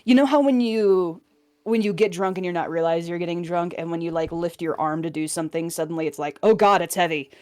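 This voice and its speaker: A woman playing a tabletop role-playing game, describing her character in a measured, casual way. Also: on the low side, steady tone, mellow. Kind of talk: casual role-play chat.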